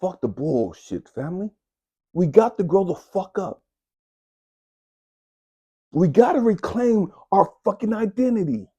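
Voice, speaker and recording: A spiritual coach delivers a fierce, profane motivational monologue, tearing into his listeners and scolding like a preacher. His raspy, mellow voice swings widely in pitch, and he's very animated, keeping a measured pace with frequent pauses. The recording is muffled.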